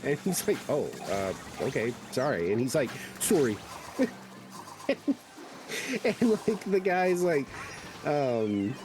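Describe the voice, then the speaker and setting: A man's voice: fairly high pitch, very animated, slow, pauses often, a little mellow, a little hiss or hum. A man streaming a game, chatting casually and rambling through stories with lots of fillers. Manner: rambling storyteller with many fillers. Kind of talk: casual chat while gaming.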